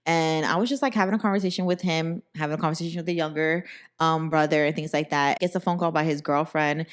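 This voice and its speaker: A young woman hosting a podcast, telling a story in animated, profane casual chat and acting out the people in it. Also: low-pitched, fast talker, clear, resonant tone. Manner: animated, profane, acts out quoted voices. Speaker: podcast host.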